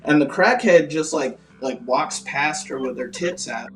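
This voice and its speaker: A man's voice: fairly high pitch, a little slow, echoey room, distant mic, low-quality recording. Casual male guest, rambling and crude, recorded off-mic with faint music behind. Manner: rambling, profane, lots of "like" fillers. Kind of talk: casual storytelling.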